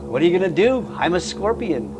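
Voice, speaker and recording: A man's voice: sits high, very animated, a little fast, music in the background, pitched above the performer's own voice. A man voicing a sly male scorpion who pleads and argues too reasonably for a ride across a river, in a told fable. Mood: shrugging.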